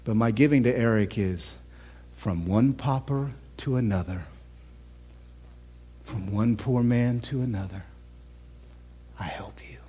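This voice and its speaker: A man preaching a sermon as pastor, impassioned, swinging between loud, emphatic lines and hushed whispers. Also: mid-range voice, unhurried, pauses often, slightly rough. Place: church.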